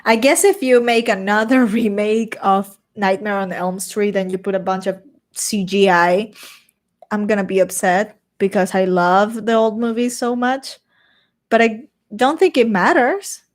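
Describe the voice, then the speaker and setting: Slow-talking Venezuelan woman reading her chat. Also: medium pitch. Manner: chatty and self-conscious, reading viewer questions aloud and answering them. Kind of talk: casual chat.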